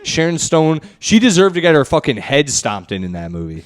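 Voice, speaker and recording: A man on a casual podcast, his pitch swinging widely as he launches into crude, mock-outraged rants. His talk is loose, profane banter. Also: big pitch swings, fairly quick. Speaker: podcast host.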